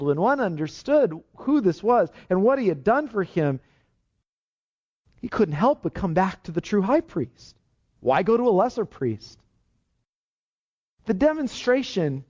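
A man's voice: high-pitched, a little mellow. A male pastor preaching a sermon in an earnest, emphatic way, often restarting his phrases, on a dull, lo-fi recording. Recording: dull lo-fi sound.

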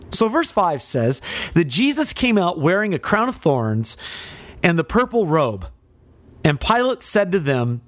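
A male preacher giving a dramatic sermon, asking rhetorical questions and speaking directly to his listeners. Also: on the high side.

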